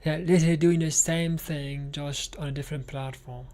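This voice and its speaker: A man's voice: on the high side, steady tone, normal speed, a little mellow. A tired, sleepy man chatting casually with his viewers, rambling and slipping into whispers, and calling everyone darling. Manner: drowsy, rambling, often drops to a whisper; keeps calling people darling. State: sleepy and tired after surgery. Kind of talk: casual chat.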